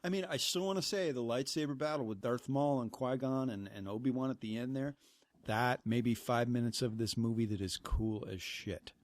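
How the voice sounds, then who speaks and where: A man co-hosting a movie podcast in casual chat, animated and profane. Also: medium pitch, moderate pace, no echo. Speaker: podcast co-host.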